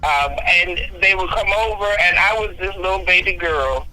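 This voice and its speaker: A woman's voice: lowish voice, normal speed, bright, forceful tone, soft background music, rough recording. A woman in her fifties, a talk show guest earnestly telling a personal story from her childhood.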